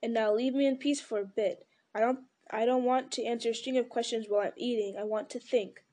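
A woman's voice: a little high, steady tone, brisk, mellow, natural voice. Frodo, a brooding young hobbit, read by a woman. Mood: resolute. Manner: terse, brooding. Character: troubled, resolute young male hobbit.

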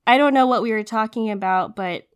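Clear and resonant, this fairly high-pitched female voice moves along at a brisk clip. She's a podcast co-host in her thirties, chatting casually, giggling often and leaning heavily on fillers in an upbeat way.

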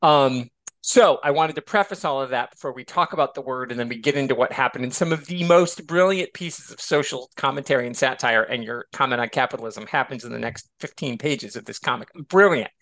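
A man's voice: medium pitch, a little fast. An American man co-hosting a podcast, chatting casually and animatedly, often drifting into tangents. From United States. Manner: animated, digressive. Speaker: podcast co-host. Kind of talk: casual chat.

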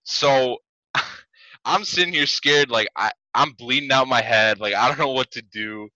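A man's voice: medium pitch, a little slow, sharp tone, dry recording. A man in his twenties telling a story on a casual podcast, rambling and packed with "like" and swearing. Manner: rambling, heavy "like" fillers, swears. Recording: dull dry lo-fi mic.

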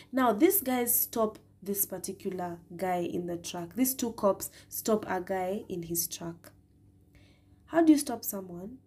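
Kenyan girl in her 20s podcasting, casual storytime, warm husky tone. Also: medium pitch. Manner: chatty and animated, Swahili words mixed in. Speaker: podcast host.

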